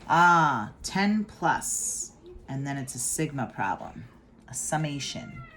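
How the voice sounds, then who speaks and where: A middle-aged woman teaches math from home in a casual video, walking through each step in a chatty, playful way full of hype catchphrases. Her voice is deep and sing-song, slow and a bit bright, with slight background noise.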